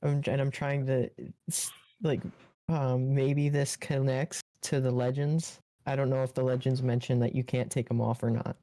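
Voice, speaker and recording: A man's voice: mid-range voice, flat delivery, normal speed, mellow, no room sound. A man playing a tabletop game, hesitant and musing as he thinks aloud. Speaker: player. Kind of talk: casual tabletop play.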